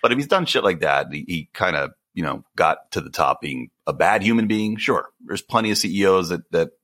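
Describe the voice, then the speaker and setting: A man's voice: low-pitched, lively intonation, brisk, a bit bright. A man co-hosting a casual podcast, chatty and joking, who sometimes slips into silly put-on voices. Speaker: podcast co-host.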